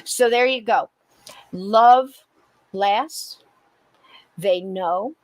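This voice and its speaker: A woman hosting a podcast, telling a personal story in a lively way and acting out the dialogue. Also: medium pitch, very slow, no room sound. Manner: animated, acts out dialogue with laughs. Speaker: podcast host. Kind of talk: casual storytelling chat.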